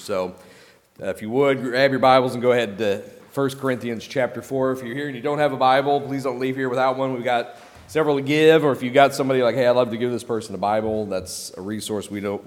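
Man preaching casually in a reverberant church. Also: fairly low pitch. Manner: conversational, self-correcting, uses "okay?" and "like" often. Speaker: pastor. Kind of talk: casual sermon. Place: church sanctuary.

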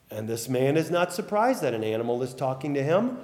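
A man's voice: mid-range voice, big pitch swings, a little fast, darkish tone. A man preaching a sermon in a conversational storytelling way, sometimes repeating words as he thinks. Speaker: pastor. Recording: long hall reverb.

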